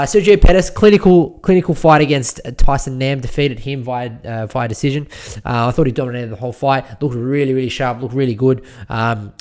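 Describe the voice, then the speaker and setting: A man's voice: medium pitch, darkish tone. An Australian man hosting a podcast on his own, talking in a casual, rambling and jokey way with lots of fillers and restarts. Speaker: podcast host. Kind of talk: casual solo podcast recap.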